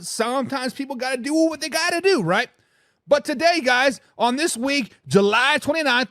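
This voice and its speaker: A man hosting a live sports talk show, reading fan comments and ranting in a casual, animated way. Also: high-pitched, no echo, clean studio sound.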